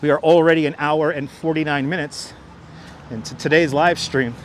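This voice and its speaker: A man's voice: fairly high pitch, steady tone, moderate pace, slight background noise. A man hosting a casual walking livestream outdoors on city streets, talking on a clip-on mic, restarting phrases and thanking viewers as he goes. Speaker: livestream host. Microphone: wireless clip-on mic.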